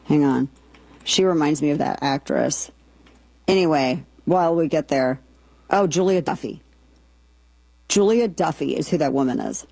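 A woman's voice: low voice, moderate pace, pauses often, darkish tone, no echo, rough recording. A woman hosting a talk radio show, delivering sarcastic, exasperated commentary.

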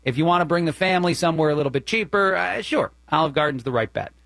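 A man's voice: on the high side, animated, quick pace, vocal fry, a bit bright, dry recording. Man, New Jersey accent, talk radio host, opinionated, chatty, dry close sound. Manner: opinionated, conversational, many fillers.

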